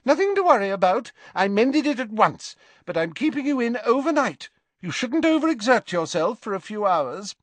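Guy doing a high bossy nurse lady, brisk n stern, storybook. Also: big pitch swings, no echo, full character voice. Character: fussy bossy school matron, woman.

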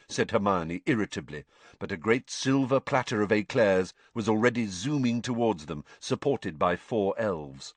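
A man reading a children's novel aloud as an audiobook narrator, expressive storytelling. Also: low voice, moderate pace, dry recording. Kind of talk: scripted narration.

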